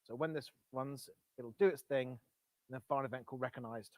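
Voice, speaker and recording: A man's voice: medium pitch, brisk, darkish tone, dry recording. Man giving a casual tech talk. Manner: casual, self-correcting, wry asides. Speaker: meetup presenter. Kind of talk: live-coding tech talk. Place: meetup room with live audience. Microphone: Bluetooth headset.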